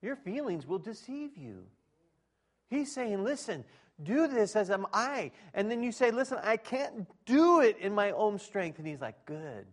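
A middle-aged male preacher with a slightly high voice delivers a chatty sermon. He slips in and out of quoted exchanges, rising sharply when he gets worked up and dropping low for asides. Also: unhurried. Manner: conversational and animated, with quoted dialogue and laughter.

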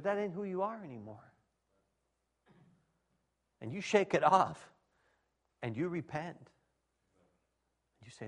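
Animated man preaching a sermon. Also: a little high, slow pace, long pauses. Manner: animated, folksy preaching with shouted exclamations and acted-out asides. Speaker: pastor.

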